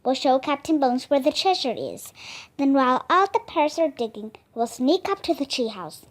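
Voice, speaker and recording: A woman's voice: sits high, big pitch swings, moderate pace. Woman reading as a cautious young boy. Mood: earnest. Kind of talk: storybook read-aloud.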